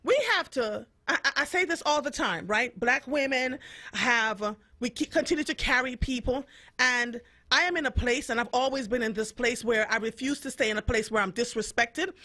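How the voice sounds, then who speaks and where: A woman's voice: high-pitched, bright, forceful tone. A woman from Jamaica hosting a radio show, giving an impassioned, emphatic monologue and repeating points for emphasis. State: fed up. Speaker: radio host.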